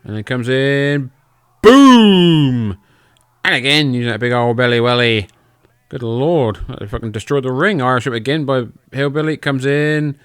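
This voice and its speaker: A man's voice: medium pitch, moderate pace, a bit bright, clear, resonant tone, no room sound, clean studio sound. A podcast host, a man, casually calling old wrestling matches in a loose, joking and profane way. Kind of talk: casual play-by-play commentary over old footage.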